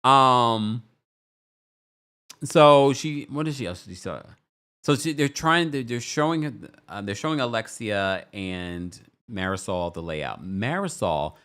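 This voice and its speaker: A young man hosting a casual show recap, sassy and animated, who jumps into a high voice when he quotes people. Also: slow pace, clear, resonant tone. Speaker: recap host.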